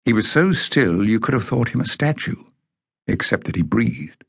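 Man, deep gravelly voice, slow measured narration, husky, dry studio sound, children's audiobook. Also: big pitch swings, dry recording. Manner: measured, deliberate storytelling. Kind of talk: scripted narration of a children's novel.

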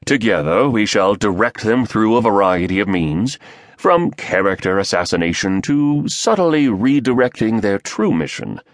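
A man voicing a smug, scheming male conspirator with a British accent and a baritone voice, measured and sneering. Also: expressive, dry recording, clean studio sound, close to an everyday voice.

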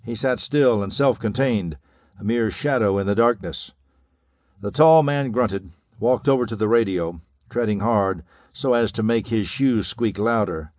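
A man narrating an audiobook of 1930s pulp fiction with a measured, dramatic reading. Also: on the low side, a little mellow, dry recording.

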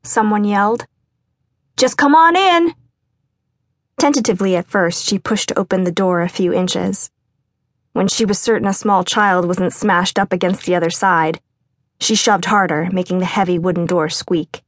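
A woman's voice: lowish voice, no echo. Woman narrating an audiobook, dry sound. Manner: even, measured storytelling. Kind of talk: scripted narration.

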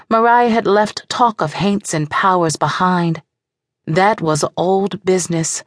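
In clean studio audio with no room sound, a woman with a rather low voice narrates a novel. Her audiobook reading is scripted, measured, and evenly paced like steady storytelling.

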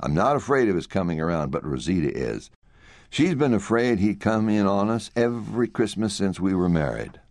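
A man's voice: fairly low pitch, lively intonation, normal speed, darkish tone, dry recording, clean studio sound. A man voicing a wary ranch owner giving orders to his cowboys, in an audiobook.

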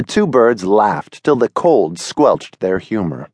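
A man narrating a children's storybook in an expressive storytelling manner, on a close studio mic. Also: on the low side, slow pace, dry recording. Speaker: audiobook narrator.

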